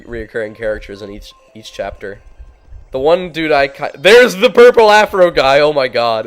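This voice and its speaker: A man giving casual, rambling gameplay commentary as a let's play host, full of "like" and "um" and quick to get excited. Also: medium pitch. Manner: rambling, lots of "like" and "um", easily excited.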